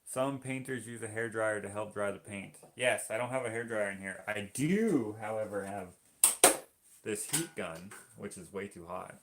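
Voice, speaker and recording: Male streamer, low gravelly voice, playful banter. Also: normal speed, noisy background. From Canada. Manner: joking, teasing viewers. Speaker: livestream host painting. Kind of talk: casual livestream chat reading comments.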